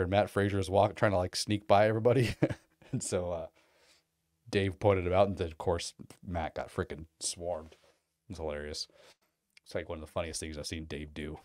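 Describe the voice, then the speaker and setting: A man's voice: low-pitched, steady tone, moderate pace, darkish tone, no echo, clean studio sound. A man in his thirties chatting casually as a vlogger, telling rambling, profane stories full of fillers. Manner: mimics other people in quoted bits. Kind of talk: casual chat.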